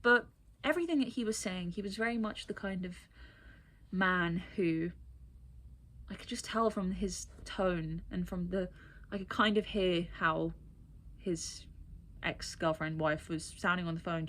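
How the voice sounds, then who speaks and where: A woman vlogging casually, telling an overheard story with animated, exasperated asides and mimicry. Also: lowish voice, normal speed.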